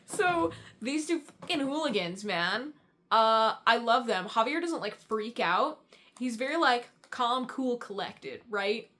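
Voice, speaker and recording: A young woman rambles through a casual book recap, full of fillers and offhand swearing. Her voice sits a little high, and she keeps the tone loose and chatty. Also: expressive, a little slow, fairly bright tone. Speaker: book reviewer.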